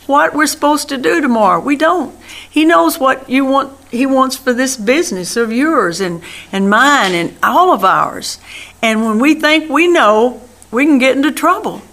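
A woman giving a radio sermon, earnest and prayerful, repeating her phrases and often dropping to a soft hush. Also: sits high, animated, normal speed. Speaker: radio minister.

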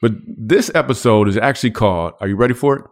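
A medium-pitched man speaks fast as a podcast co-host, joking and teasing his friend in casual comedic banter.

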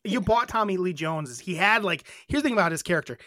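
A woman's voice: lowish voice, expressive, fairly bright tone, no room sound. A woman co-hosting a podcast in casual chat, brash and swearing, hurrying the talk along. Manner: brash, swears, rushes ahead. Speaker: podcast co-host.

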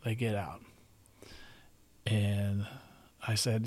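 A middle-aged man tells a story loosely and conversationally, rambling, circling back, and repeating words as he goes. At a middle pitch and moderate pace, he sounds like a relaxed podcast host chatting with a guest.

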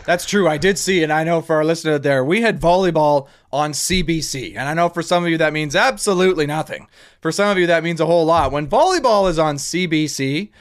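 Animated high-pitched man ranting. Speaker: podcast host. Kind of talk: casual chat.

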